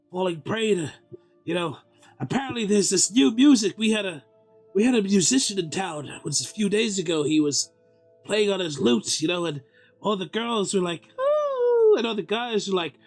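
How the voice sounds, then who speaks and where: A man doing a stammering bumbling paladin. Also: sits high. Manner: rambling, stammering, over-apologetic. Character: bumbling well-meaning human male paladin. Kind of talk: tabletop game role-play.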